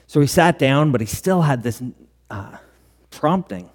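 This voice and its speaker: A man's voice: medium pitch, expressive, normal speed. Man preaching in a reverberant hall. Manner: earnest storytelling with quoted dialogue. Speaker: pastor. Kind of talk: sermon. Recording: long church hall reverb.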